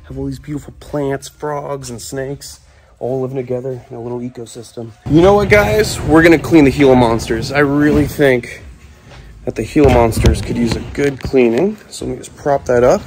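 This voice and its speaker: Crowd noise surrounds this young man as he talks at normal speed in a medium-pitched voice. Filming on a phone balanced on a can, he hosts a casual vlog on looking after his snakes and lizards, enthusiastic and chatty, cooing at the animals.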